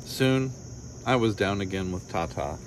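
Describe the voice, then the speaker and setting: A man with a lowish voice reads a children's story aloud in a gentle, unhurried way. He nudges his voice higher and brighter for the children's questions and replies. Faint crickets chirp behind him. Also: lively intonation, slight background noise. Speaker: storybook reader. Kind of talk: reading a picture book aloud.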